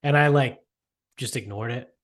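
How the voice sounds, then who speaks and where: Speaking at normal speed in a mid-range voice, this Boston-area podcast co-host keeps the chat casual. His talk is rambling and profane, peppered with "like" as a filler.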